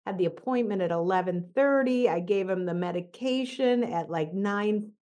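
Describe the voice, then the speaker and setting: A woman's voice: mid-range voice, normal speed. Chatty middle-aged woman career coach. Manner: animated, chatty storyteller with casual fillers. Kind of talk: motivational talk with a personal story.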